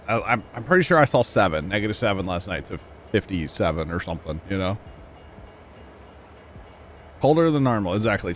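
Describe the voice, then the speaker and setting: Young male streamer host, relaxed rambling banter, medium pitch. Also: a little hiss or hum. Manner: laid-back, rambling, chatting with friends and chat. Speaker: livestream gaming host. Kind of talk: casual chat with stream viewers. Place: cold home room with heaters.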